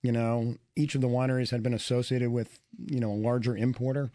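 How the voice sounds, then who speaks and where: A man's voice: mid-range voice, little pitch movement, a little fast, mellow, dry recording, studio quality. A man, a wine sales director, explaining his business plainly as a radio guest. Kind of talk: casual radio chat.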